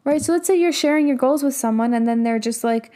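A woman's voice: high voice, fast talker, mellow. A young adult woman, a business and mindset coach, giving a casual motivational talk full of emphatic rhetorical questions and the odd swear word.

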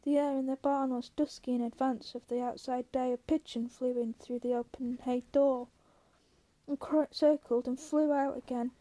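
Woman reading a book out loud, steady and unhurried, warm high voice, dry sound. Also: no room sound. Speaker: reader. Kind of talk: reading a novel aloud.

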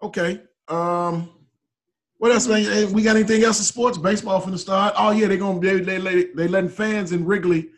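A man leads a casual group chat, his voice sitting a little high. He talks in a laid-back, joking way and often repeats himself as he goes. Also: steady tone, brisk. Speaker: podcast host.

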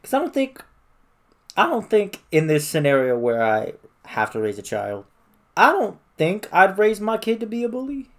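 A man in a relaxed conversation who mostly reacts to his friend and throws in playful asides. His tone stays easy and conversational. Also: sits high, moderate pace. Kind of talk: casual chat.

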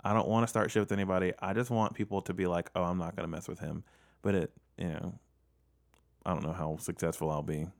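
A man's voice: low voice, steady tone, fast talker, creaky. A young man co-hosting a casual podcast chat, hesitant and self-deprecating, often trailing off. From Southern United States. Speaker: podcast co-host.

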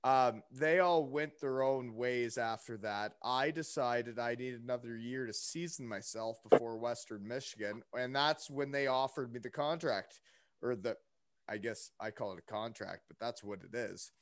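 A man's voice: medium pitch, normal speed, no echo, clean studio sound. A young man telling a story in casual chat, rambling with lots of fillers and asides. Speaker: podcast guest.

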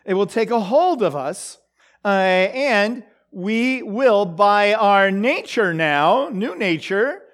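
A man with a high-pitched voice gives a relaxed Bible teaching, working through the text out loud. He talks haltingly, with many fillers and restarts, and keeps checking in with his listeners through questions. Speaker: preacher.

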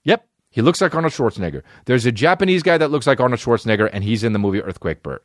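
A man rambles through a comedic rant, swearing freely and leaping into squeaky, excitable bursts. His voice sits at an ordinary middle pitch, and the sound is close and dry with no room around it. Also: rapid-fire, no echo. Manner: profane, rambling, excitable with sudden high-pitched outbursts. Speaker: podcast host.

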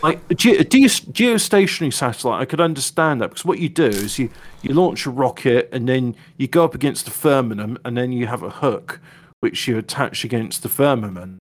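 Stammering deadpan man in a chat. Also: mid-range voice, brisk. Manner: deadpan joking, stammering restarts. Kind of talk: casual group chat.

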